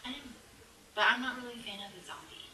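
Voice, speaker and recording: A young woman, a guest who is a bride-to-be, chats casually, laughing easily and letting her sentences trail off. Her voice is a little high, fast, pushed and bright, recorded away from the mic in an echoey room with a faint background hum.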